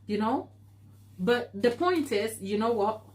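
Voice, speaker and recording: A woman's voice: a little high, expressive, takes it slowly, a little mellow. A woman hosting a live baking stream, talking earnestly and encouragingly as she answers viewer comments, laughing easily. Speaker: baking show host.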